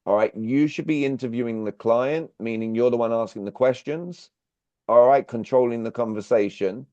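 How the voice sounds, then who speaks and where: A man's voice: mid-range voice, moderate pace, warm tone, dry recording. Man teaching sales on a dull call. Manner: direct, drilling questions at listeners. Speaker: workshop speaker. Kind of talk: online sales workshop talk. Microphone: video call. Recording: dull, dry video-call audio.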